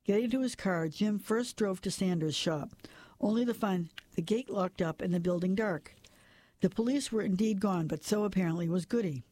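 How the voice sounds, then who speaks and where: A man narrates a story in an even, unhurried reading voice that sounds mellow and warm. The recording is close and dry, with no room sound behind him. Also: high voice, dry recording. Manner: steady, plain reading with occasional slips and restarts. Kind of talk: audiobook narration.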